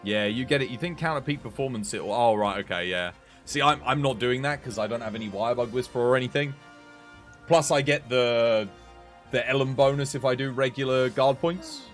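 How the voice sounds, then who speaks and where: A young man commenting live on a game he plays, muttering low at times and breaking into shouted excitement. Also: brisk, soft background music. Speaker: streamer.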